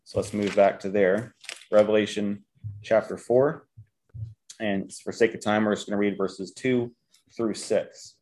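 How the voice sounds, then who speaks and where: A man's voice: lowish voice, fairly even intonation, measured pace, darkish tone. A man leading a Bible study, reading scripture aloud and explaining it verse by verse. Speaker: Bible teacher.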